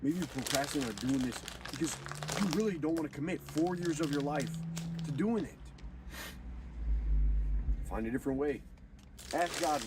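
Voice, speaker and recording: A man's voice: a little high, moderate pace, pauses often. Rambling, swearing young man, distant mic. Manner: preachy, profane, loosely rambling. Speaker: gaming video host. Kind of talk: casual rambling monologue over gameplay. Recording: distant mic with clear background noise.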